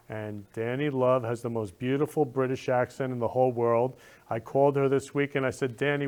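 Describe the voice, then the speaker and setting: A man's voice: mid-range voice, a little mellow. A man hosting a talk show who gushes and keeps repeating affectionate phrases to his guests. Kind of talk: effusive interview hosting.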